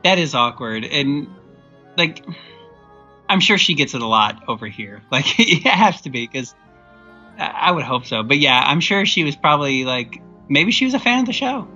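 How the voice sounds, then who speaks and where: An emphatic podcast co-host vents in casual chat, pushing each complaint with exasperated energy. The tone is bright and forceful, while the recording sounds a little dull and lo-fi, with faint music underneath. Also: medium pitch, big pitch swings, normal speed.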